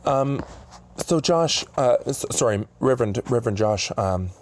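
A man's voice: mid-range voice, lively intonation, unhurried, a little hiss or hum. A man hosting a podcast interview, rambling and chuckling between restarts. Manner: rambling, full of fillers and chuckles. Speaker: podcast host. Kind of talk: casual interview chat. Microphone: studio booth mic.

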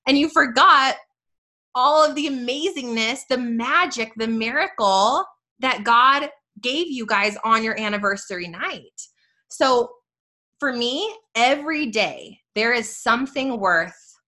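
A woman in her thirties leads a live tutorial with a bright, forward tone. She talks in a chatty, upbeat way, sprinkling in casual fillers as she cheers her listeners on. Her pitch sits in an everyday middle range. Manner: chatty and upbeat, full of "like" and "you guys". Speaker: host teaching a faith journal. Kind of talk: live tutorial, encouraging talk.

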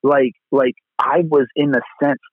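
A man's voice: mid-range voice, level tone, a little slow, dry recording. A man from Pennsylvania, a guest evangelist, telling faith stories over the phone in an earnest, rambling way with many restarts. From Pennsylvania, USA. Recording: tinny phone line.

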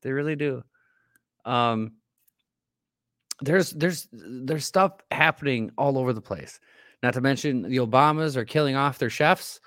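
A man's voice: mid-range voice, measured pace, long pauses, a bit bright, no room sound, clean studio sound. A man co-hosting a casual political podcast, rambling with many fillers and restarts. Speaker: podcast co-host.

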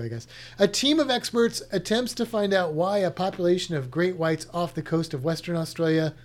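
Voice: mid-range voice, darkish tone. Chatty skeptical science educator. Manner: skeptical, chatty, thinks aloud with restarts. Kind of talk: casual chat reacting to a show lineup.

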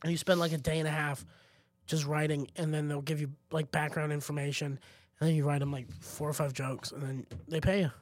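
A man with a high, light speaking voice chats casually as a comedian co-hosting a podcast. He tells his stories with animation and breaks into loud, excited bursts when acting them out. The sound is dry and close. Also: fairly quick, dry recording. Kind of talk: casual chat, storytelling.

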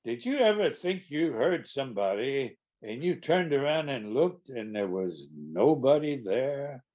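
A man's voice: mid-range voice, big pitch swings, unhurried, a little mellow. An older man quoting a cold, dismissive actress who pointedly ignores him, in nearly his own voice. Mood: icy.

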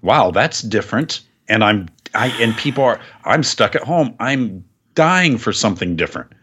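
A man's voice: on the low side, expressive, normal speed, bright, forceful tone, breathy edge. A man co-hosting a wrestling podcast, speaking in an exasperated, incredulous way. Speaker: podcast co-host. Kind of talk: casual podcast chat.

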